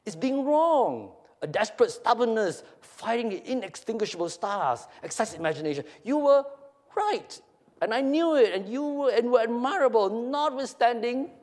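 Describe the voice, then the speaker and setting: A man's voice: sits high, big pitch swings, measured pace, long pauses, darkish tone, big-room sound, pitched above the performer's own voice, full character voice. A man voicing a mocking male Satan figure, reading the part aloud in a taunting, needling way. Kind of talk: dramatic reading of a play.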